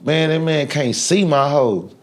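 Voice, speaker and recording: A man, guest on a podcast interview, talking in a brash, animated way with loud bursts of laughter. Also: on the high side, a little slow. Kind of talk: casual interview talk.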